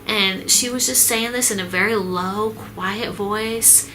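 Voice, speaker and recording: A woman telling a personal story in a vlog, halting and earnest, with many pauses and fillers. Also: medium pitch, fairly even intonation, sharp tone, slight background noise, poor audio. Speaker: vlogger recounting her mother's illness.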